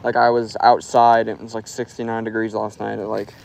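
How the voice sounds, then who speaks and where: A man's voice: fairly low pitch, little pitch movement, brisk, gravelly, a little mellow, poor audio. A young man from Florida chatting loosely through a fishing live stream outdoors, filling his talk with "like". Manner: loose and rambling, full of "like". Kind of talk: casual live stream chat. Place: outdoors by a river.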